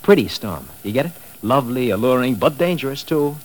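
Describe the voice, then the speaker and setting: An actor playing a salesy, excitable Hollywood publicity man in a 1950s radio drama, heard in an old broadcast recording with music behind him. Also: medium pitch, a little fast, lightly acted. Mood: pitching. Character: pushy fast-talking male Hollywood publicity man.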